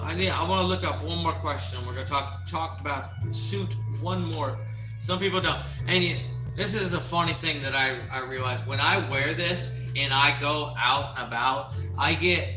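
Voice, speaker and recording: A man's voice: fairly high pitch, distant mic. A man hosting a casual livestream, rambling and restarting often as he reads search results aloud. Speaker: livestream host. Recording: echoey room, off-mic, faint music.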